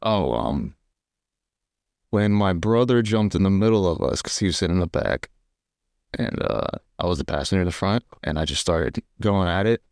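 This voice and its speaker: Young man, lowish voice, lively pitch, dry close sound, animated storytelling, casual podcast chat. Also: normal speed, gravelly, no room sound. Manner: animated storytelling, laughing, acting out quotes. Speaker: podcast co-host.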